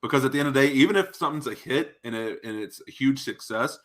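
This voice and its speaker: A man's voice: mid-range voice, fast, a bit bright. A man appearing as a podcast guest in casual chat, thoughtfully laying out his point of view.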